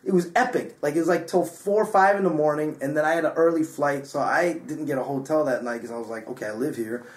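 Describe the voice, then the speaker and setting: A slightly drunk man, a DJ, telling a story in an excitable, casual way, swearing often and full of filler words. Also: on the high side, quick pace, reverberant. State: a bit drunk. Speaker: DJ and guest. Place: hotel room.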